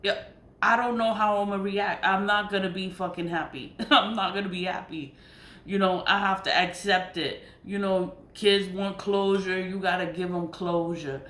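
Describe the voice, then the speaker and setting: A woman's voice: mid-range voice, fairly even intonation, normal speed, a bit bright. A woman in her thirties, a spiritual vlogger, talking in a casual monologue, blunt and profane, repeating herself for emphasis. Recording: echoey room with faint noise.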